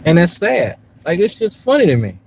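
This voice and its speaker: A man's voice: high-pitched, huge pitch swings, normal speed, gravelly, a little mellow, a little hiss or hum, low-quality recording. A man on a casual live stream, rambling and swearing as he talks to his chat from a park and a car. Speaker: YouTube commentary streamer. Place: outdoors in a park, then in a parked car.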